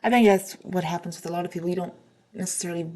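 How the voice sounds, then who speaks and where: A woman reading online stories aloud in a plain, steady way, with a few slips and restarts. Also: on the low side, rapid-fire.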